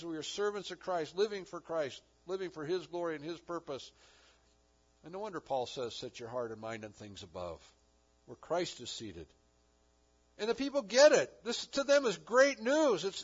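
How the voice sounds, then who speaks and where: Earnest preaching man, fairly high voice. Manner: earnest preaching, rising and falling emphasis. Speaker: pastor. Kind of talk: sermon. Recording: dull lo-fi recording.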